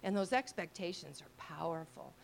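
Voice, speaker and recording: An older woman teaching a live audience in a chatty way, acting out quoted thoughts in lively voices and often checking that listeners follow. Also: on the low side, normal speed, creaky, a little hiss or hum. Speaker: ministry teacher.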